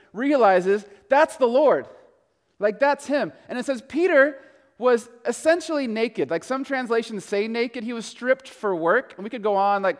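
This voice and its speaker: A male pastor preaching a sermon, telling the story in a conversational way that swings between hushed and emphatic. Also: very high-pitched, long reverb tail.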